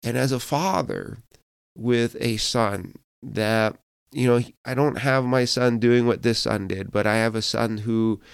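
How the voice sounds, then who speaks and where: A man's voice: mid-range voice, measured pace, gravelly, clear, resonant tone, dry recording, clean studio sound. A man pastor giving a devotional podcast sermon, earnest and personal, with fillers and restarts, telling a Bible story in quoted voices.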